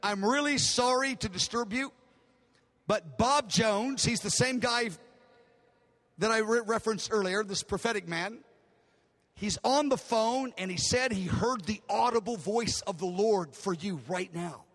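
High bright-voiced older pastor preaching. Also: male voice, measured pace. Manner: emotional, dramatic retelling with acted-out dialogue. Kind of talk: sermon storytelling. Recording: long reverb of a large hall.

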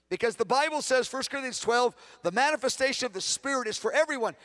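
High-voiced man teaching on prayer. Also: expressive, fast talker, few pauses. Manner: earnest, swings between hushed prayer and emphatic preaching; repeats words, self-corrects. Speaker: pastor teaching a prayer session. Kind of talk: conference teaching session.

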